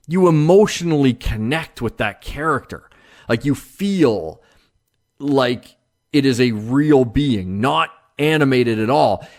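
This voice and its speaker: A man hosting his own podcast, talking casually on his own in a rambling, jokey way with lots of fillers and restarts. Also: mid-range voice. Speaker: podcast host. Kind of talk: casual solo monologue.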